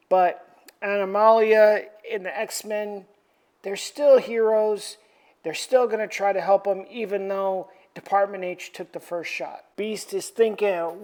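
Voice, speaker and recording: A woman's voice: medium pitch, a little mellow. A woman hosting a comic book review channel, recapping an issue in a chatty, rambling way full of slangy asides.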